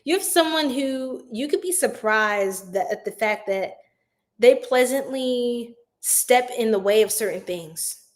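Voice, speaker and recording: A woman's voice: fairly high pitch, expressive, a little slow, rough recording. A woman hosting a casual livestream card reading, chatty and full of fillers, talking to viewers into a phone. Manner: chatty, many fillers, addresses viewers as y'all. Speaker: tarot reader, livestream host.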